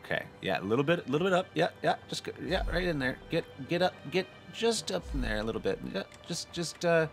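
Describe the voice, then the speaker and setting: Lively, swearing let's-play man. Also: a little high, fast, vocal fry, hardly any pauses, soft background music. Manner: frustrated, swears a lot, talks to himself; jumps from muttering to loud outbursts. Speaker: gaming channel host.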